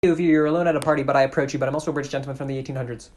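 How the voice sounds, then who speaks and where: Rapid text-to-speech caption voice. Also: mid-range voice, fairly even intonation, a little mellow. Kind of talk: rapid automated caption reading.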